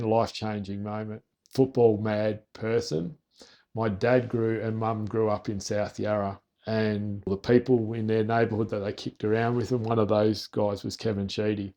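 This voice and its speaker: A man's voice: fairly low pitch, mellow. An Australian farmer, a man, telling rambling stories in a casual podcast chat and dropping in local slang. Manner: rambling, with restarts and Aussie slang. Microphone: sitting face to face with the host.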